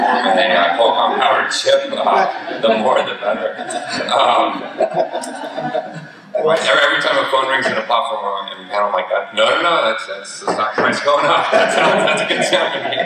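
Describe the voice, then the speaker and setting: A man's voice: fairly low pitch, background noise. A man speaking on a conference panel, telling rambling anecdotes with many restarts. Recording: echoey hall, distant mic.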